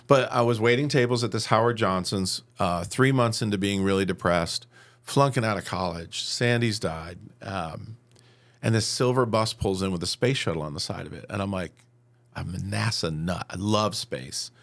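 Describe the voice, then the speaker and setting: A man's voice: lowish voice, moderate pace, vocal fry. A man in his fifties from upstate New York, a podcast guest telling personal stories and acting out what people said. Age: 50s. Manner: animated storyteller who acts out quotes. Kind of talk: personal storytelling.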